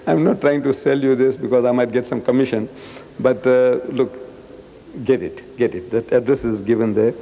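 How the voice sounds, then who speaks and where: A man in his seventies giving a public lecture in a loud, roaring, emphatic voice, repeating his points. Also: creaky. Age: 70s. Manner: emphatic, repeats phrases, swings high and low. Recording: long reverb of a lecture hall.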